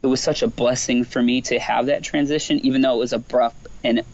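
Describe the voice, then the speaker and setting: Earnest man with a gravelly voice. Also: medium pitch, steady tone, fairly quick, darkish tone. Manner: earnest, reflective, lots of restarts and "like". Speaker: guest musician. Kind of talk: candid conversational storytelling. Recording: slightly dull lo-fi sound.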